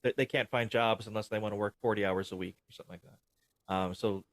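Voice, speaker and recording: A man's voice: fairly low pitch, fairly even intonation, fast talker, fairly bright tone, dry recording. A man hosting a podcast in casual chat, enthusiastically retelling movie scenes with lots of fillers and laughs. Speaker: podcast host.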